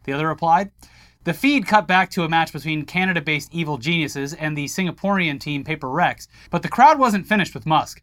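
A man's voice: fairly high pitch, animated, a little fast, fairly bright tone. A man co-hosting a tech news show, reading articles aloud and adding wry jokes. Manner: wry, joking, reads quotes aloud. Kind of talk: casual tech news banter.

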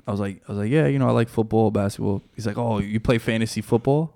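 A man's voice: fairly low pitch, quick pace, vocal fry, mellow. A man in his thirties, a podcast guest, telling a story in easygoing casual chat.

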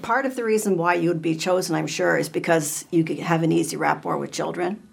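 A woman's voice: lowish voice, brisk, vocal fry, breathy edge. A woman hosting a talk show, chatting with a guest and encouraging him with short reactions. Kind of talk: casual interview chat.

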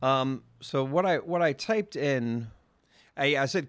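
A man co-hosting a casual podcast chat, animated and playful, reading lines aloud with extra emphasis. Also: mid-range voice, slow pace, smooth, dry recording, clean studio sound. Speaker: podcast co-host.

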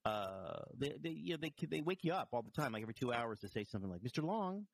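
A man's voice: mid-range voice, animated, fast, vocal fry, dry recording. Wry man telling hospital stories. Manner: wry storytelling with frequent restarts and self-deprecating humor. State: recovering from vertigo, a bit wobbly. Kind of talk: casual chat.

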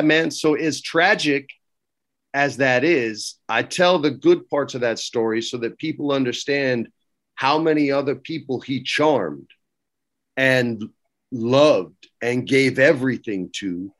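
A man's voice: medium pitch, a bit bright. A middle-aged man, a podcast guest, telling stories in a casual way and acting out the quoted lines with a raised voice. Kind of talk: casual storytelling.

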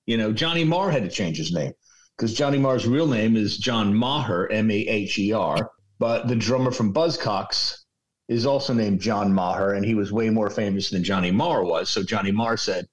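A man's voice: lowish voice, moderate pace, highs cut off. A man in his sixties telling rambling, profane anecdotes as a radio guest over a video call. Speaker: radio program director guest. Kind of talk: storytelling interview.

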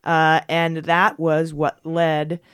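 A woman hosting a podcast, thanking her co-host and then explaining the week's news in an energetic, digressive way. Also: sits low, slow pace, clean tone, dry recording, studio quality. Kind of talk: casual podcast chat and news rundown.

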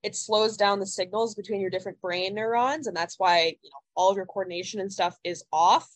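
A woman's voice: mid-range voice, a little fast, no echo. A young woman in her twenties co-hosting a podcast, talking casually with lots of "like" fillers and some casual swearing. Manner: chatty, heavy use of "like", casual swearing. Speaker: podcast co-host. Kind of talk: casual chat.

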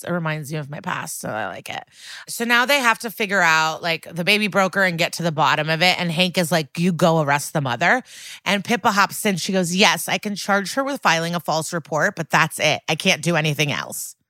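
A woman chatting on a podcast as she recaps an episode, acting out quotes with animated energy. Her voice sits on the low side but sounds bright and forceful. The recording is dry and close. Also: normal speed, no room sound. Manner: animated retelling with acted-out quotes and laughs. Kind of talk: casual chat.

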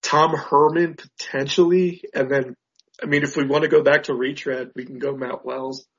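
A man co-hosting a podcast, talking sports in a relaxed, measured way with hesitant fillers. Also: mid-range voice, husky. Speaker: podcast co-host. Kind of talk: casual sports chat. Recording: dull lo-fi audio.

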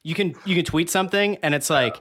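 A man guesting on a podcast, telling stories in an amused, animated way. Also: fairly high pitch, quick pace, breathy edge. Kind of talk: casual chat.

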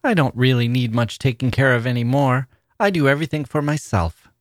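Story reading: man playing a polite little girl, raised pitch, eager and chattering. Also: a little fast, dry recording, studio quality, natural voice. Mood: earnest.

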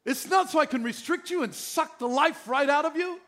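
A middle-aged man pastor preaching a sermon in an animated, joking way. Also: very high voice, a little fast.

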